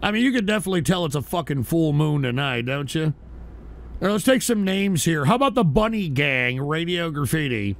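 A man's voice: on the high side, sing-song, brisk, vocal fry. A middle-aged man hosting a call-in radio show, ranting crudely and abrasively at callers.

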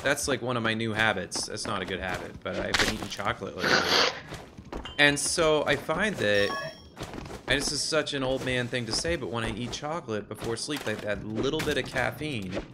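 A man's voice: mid-range voice, moderate pace, very noisy. A man hosting a game stream, chatting casually in a rambling, self-deprecating way. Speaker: streamer and host. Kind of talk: casual chat while gaming.

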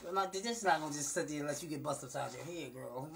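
In a fast voice with vocal fry, a woman vlogs a sassy, improvised rant into her phone camera at arm's length, inside a small room, with a little hiss or hum present. She alternates loud bursts with low muttered asides, staying brash, profane, and campy while repeating "girl" and "honey" nonstop.

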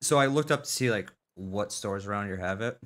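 A man's voice: fairly low pitch, a little fast, a bit bright. A man from South Dakota streaming a game with friends, telling a story in casual chat, acting out quotes and swearing freely.

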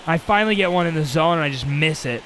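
A man's voice: on the high side, lively intonation, fast, a bit bright. A young man commentating his own baseball video game play, exasperated and talking to himself and his viewers in bursts of frustration. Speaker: gaming channel host. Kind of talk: live gameplay commentary.

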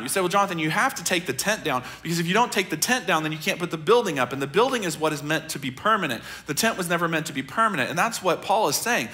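A middle-aged American man, a pastor, preaching a sermon in a conversational, earnest way, often dropping his voice soft. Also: on the high side, expressive, fast, few pauses. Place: large church auditorium.

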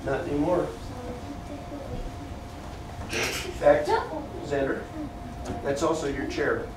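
A man teaching a Bible lesson to children in a church classroom, telling the story with animation and pausing to correct the kids. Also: on the high side, very animated, vocal fry, background noise. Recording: very echoey room from far off.

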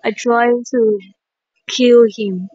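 A woman giving excited gameplay commentary, shrieking exclamations and repeating herself. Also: on the high side, drawn-out words, dry recording. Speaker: gaming commentator. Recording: dry, dull lo-fi mic.

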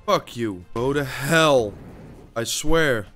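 A man's voice: mid-range voice, animated, drawn-out words, fairly bright tone, soft background music. A man giving live gameplay commentary, swearing constantly and raging at his opponents, often stammering and repeating himself. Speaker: gaming YouTuber.

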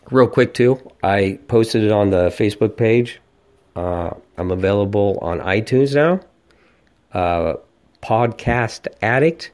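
Guy in his 40s doing a solo podcast rant, swears a lot, kinda low voice. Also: darkish tone. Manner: profane, ranting, storytelling. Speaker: podcast host. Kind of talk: casual monologue.

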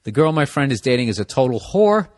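A blunt, foul-mouthed male podcast host rants comic advice at a listener, his voice sitting in a middle register. He keeps swearing and hammering his points home with loud, emphatic bursts. The sound is close and dry, with no room echo. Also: mid-range voice, big pitch swings, quick pace. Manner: profane, blunt, rising to loud emphatic outbursts. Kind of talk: comedic advice rant reading a listener letter.

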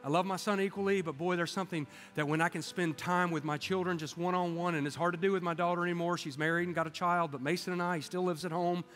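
A man's voice: sits high, fairly even intonation. Grandfatherly pastor preaching in a reverberant church. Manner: conversational storytelling with quick asides to the congregation. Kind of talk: sermon. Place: church sanctuary. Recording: live church sound with long reverb and soft music.

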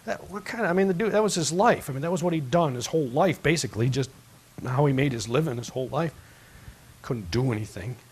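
A man's voice: medium pitch, expressive, quick pace, husky. A pastor in a church, preaching in a loose conversational way and acting out the people in his stories. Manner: conversational storytelling, acts out voices in his stories. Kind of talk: sermon. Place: church sanctuary.

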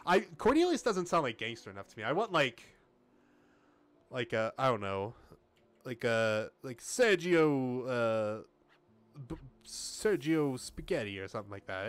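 A man streaming a game, joking and laughing as he comments casually. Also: mid-range voice. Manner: joking, animated, laughs often, lots of fillers.

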